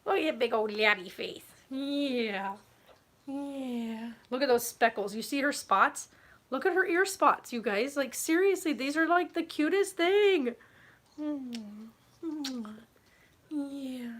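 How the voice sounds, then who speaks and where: A woman's voice: sits high, lively intonation, takes it slowly, a bit bright. A woman chatting casually in a home vlog, rambling with fillers and cooing baby talk at her puppy. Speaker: homesteading vlogger.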